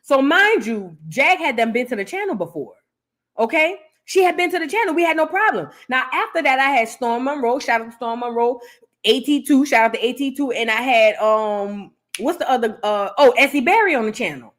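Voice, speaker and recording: Chatting casually on her live reaction stream, this host speaks in a high, fairly quick voice. She addresses her viewers as "girl" and tells lively stories, acting out the quotes as she goes.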